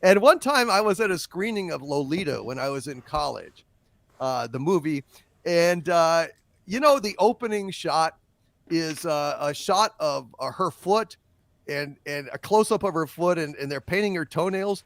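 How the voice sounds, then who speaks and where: A man hosting a casual livestream about movies, chatty and animated, reading viewer messages and laughing often. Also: a little high, moderate pace, creaky, no echo. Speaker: podcast host.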